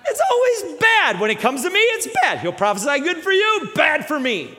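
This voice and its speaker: A man voicing an exasperated, whiny ancient king who complains loudly in a sermon retelling. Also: very high-pitched, wildly swooping pitch, normal speed, big-room sound, pitched above the performer's own voice, full character voice. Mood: bitter complaining. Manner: whining, complaining, shouting.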